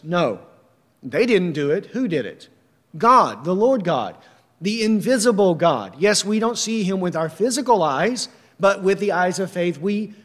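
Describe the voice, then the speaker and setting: A man's voice: high-pitched, big-room sound. A man preaching a sermon emphatically, reading verses and firing rhetorical questions.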